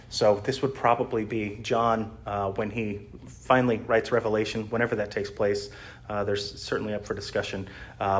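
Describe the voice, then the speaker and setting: A pastor teaching a sermon in a relaxed, conversational way, explaining as he goes with frequent "uh" fillers. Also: lowish voice.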